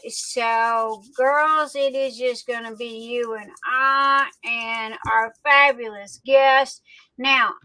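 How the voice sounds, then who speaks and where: A high, bright-voiced woman hosts a casual livestream, chatting unhurriedly and greeting viewers one by one. Her voice sits close and dry on the mic. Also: dry recording, rough recording. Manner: chatty, greets viewers warmly by name, drawn-out fillers. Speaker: livestream host. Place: home streaming setup.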